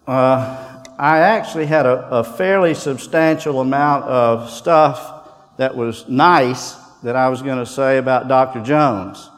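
A man's voice: medium pitch, slow pace. A man from Texas with a Southern US accent, giving a folksy, joking chapel talk as a guest speaker. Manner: folksy and joking, with fillers and restarts. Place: large hall. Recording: hall reverb.

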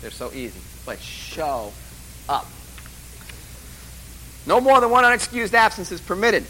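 A man's voice: sits high, very animated, measured pace, sharp tone, breathy edge, rough recording. Joking, rambling male lecturer. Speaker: college instructor. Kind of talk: course orientation lecture. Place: classroom or lecture hall.

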